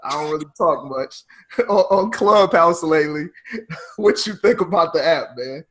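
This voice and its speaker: A man hosting a podcast interview, laid-back, chiming in with quick agreement and frequent laughs. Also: fairly high pitch, lively intonation, fairly bright tone. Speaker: podcast host. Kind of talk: casual interview chat.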